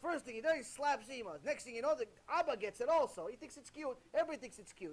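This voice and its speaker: Animated high-voiced male rabbi preaching. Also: quick pace. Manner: animated, repetitive, rhetorical questions. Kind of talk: sermon.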